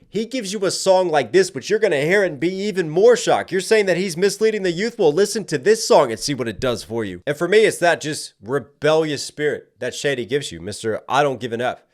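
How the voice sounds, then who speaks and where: A man, a rapper, giving music reaction commentary, analytical and emphatic as he makes his points. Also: a little high. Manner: analytical, talks with lots of "like" fillers; gets emphatic when making a point.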